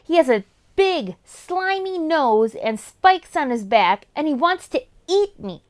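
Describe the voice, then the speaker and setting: A woman's voice: sits high, very animated, slow, exaggerated voice. A woman voicing a frightened young boy on the run, with a trembling, panicky way of talking. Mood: scared.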